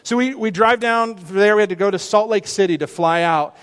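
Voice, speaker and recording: A man's voice: high voice, brisk, a bit bright, clean tone, in a large hall. A middle-aged male pastor preaching a sermon, emphatic and full of rhetorical questions and repeated phrases.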